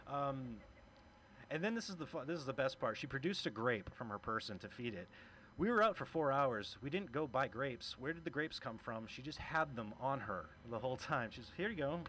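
A man's voice: medium pitch, lively intonation, normal speed, pushed and bright, slight background noise. A man doing a conversational stand-up comedy set, telling a self-deprecating story at a small club. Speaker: stand-up comic and open mic host.

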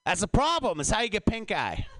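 Animated man doing stand-up. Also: sits high, a little fast, no room sound. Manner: animated, swearing, shifting voice up and down for bits. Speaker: stand-up comedian. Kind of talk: stand-up comedy set. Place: comedy show venue.

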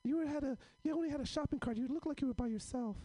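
A man acting out a little schoolboy with a squeaky, high voice. The boy is nosy and observant. He reels off details in a flat deadpan. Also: racing.

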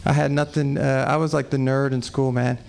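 A man's voice: medium pitch, flat delivery, fairly quick, gravelly, a little mellow, clear, resonant tone. A man in his forties from Texas doing rambling, profane, self-deprecating stand-up at an open mic in a small comedy venue. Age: 40s.

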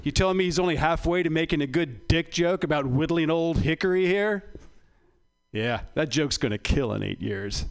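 A man's voice: fairly high pitch, lively intonation, normal speed, clear, resonant tone. A man doing a stand-up set, delivering wry, dry punchlines. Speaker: stand-up comedian.

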